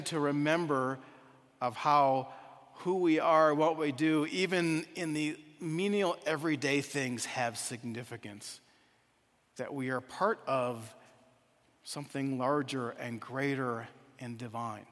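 A man's voice: on the high side, fairly even intonation, unhurried, a bit bright. Earnest male preacher in an echoing hall. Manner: earnest, reflective. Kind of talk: sermon with acted storytelling.

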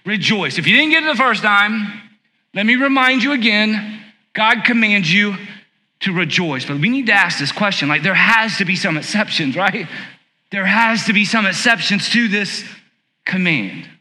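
A man preaching a conversational sermon as pastor, asking rhetorical questions and slowing down on key words. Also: sits high, lively intonation, pushed and bright. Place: church sanctuary. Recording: long hall reverb.

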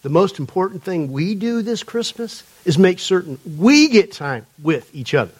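A man preaches to a congregation in a high-pitched voice. He talks in a loose, joking, storytelling way. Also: very animated, normal speed, breathy edge. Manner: conversational, humorous storytelling. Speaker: pastor. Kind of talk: sermon. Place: church before a live congregation.

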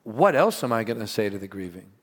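A man's voice: lowish voice, fast. Earnest male pastor in a reverberant hall. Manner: earnest, animated preaching with asides and laughter. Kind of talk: sermon.

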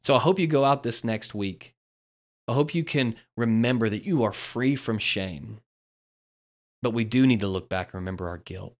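A man with a somewhat low voice hosts a devotional podcast. He talks earnestly and builds his points like a storyteller. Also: moderate pace. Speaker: podcast host.

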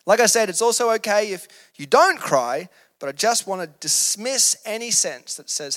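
Earnest high-voiced male preacher, reverberant. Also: big pitch swings, a little fast, pushed and bright. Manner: earnest, emphatic, conversational preaching. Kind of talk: sermon.

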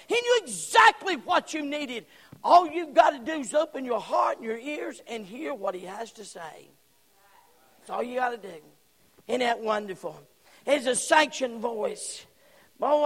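A man preaching a fiery sermon from the pulpit, swinging between shouts and hushed tones. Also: extremely high pitch. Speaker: pastor. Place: church sanctuary. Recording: long church hall reverb.

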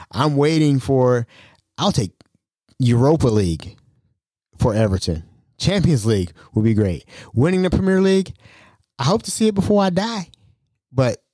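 A man rambles through his own podcast with a lively, swooping pitch and a mellow, warm tone. He pokes fun at himself and laughs often. The sound is dry and close. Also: dry recording. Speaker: podcast host. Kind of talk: casual solo podcast talk.

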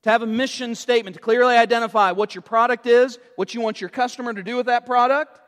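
A man's voice: very high voice, fairly even intonation, fast talker, a bit bright, big-room sound. A man preaching a sermon as a pastor, quizzing and teasing his congregation with playful jokes.

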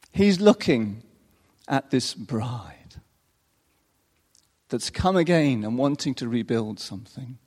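A man preaching a sermon in an unhurried, expressive way, chuckling often between phrases. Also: mid-range voice, husky. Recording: long reverb of a large hall.

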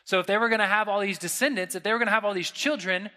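A man preaching in a relaxed, slangy, conversational style. His voice sits high and bright for a man, with a forceful edge. The sound carries the long echo of a hall. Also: very fast. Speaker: pastor. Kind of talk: sermon.

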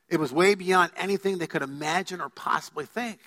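A man preaches a sermon in a reverberant church sanctuary, his voice high and bright. He is emphatic and keeps putting questions to the congregation. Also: normal speed. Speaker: pastor. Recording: long hall reverb.

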